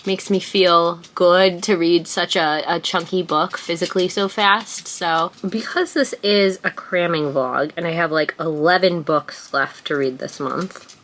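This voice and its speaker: Young woman rambling about books on a home vlog, bright clear voice, gets all gushy. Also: lowish voice, fairly even intonation, unhurried, slight background noise. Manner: gushing, talks to her pet mid-sentence. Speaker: book vlogger. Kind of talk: casual vlog chat. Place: at home indoors.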